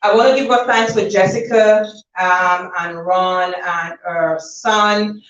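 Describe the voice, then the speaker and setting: A woman giving a chatty, laughing thank-you speech to guests at her book launch, telling lively stories. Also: medium pitch, takes it slowly. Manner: chatty, laughing, animated storytelling. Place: event hall. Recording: dull, roomy, from far off.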